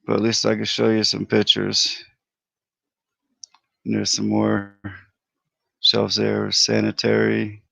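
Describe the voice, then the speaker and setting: A man's voice: fairly low pitch, monotone, slow pace, gravelly, pauses often, fairly bright tone, dry recording. A man hosting a casual livestream chat, laid-back and talkative, greeting viewers by name. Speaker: livestream host. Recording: dry, dull lo-fi audio.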